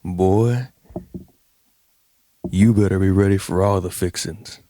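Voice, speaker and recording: A man's voice: deep voice, fairly even intonation, slow pace, warm tone, no room sound, pitched below the performer's own voice. A man doing a jokey impression of an over-the-top Southern man, with a thick drawl and folksy sayings. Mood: teasing.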